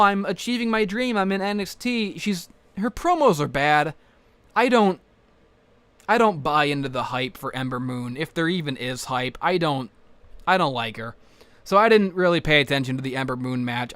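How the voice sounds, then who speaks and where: High-voiced, profane, excitable man. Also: clean tone, no echo. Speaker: wrestling vlogger. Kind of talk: casual rambling recap.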